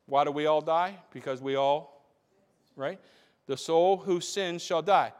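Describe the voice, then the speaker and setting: A man's voice: fairly high pitch, a little slow, clean tone. A man preaching a sermon as pastor, emphatic, repeating phrases for stress. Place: church.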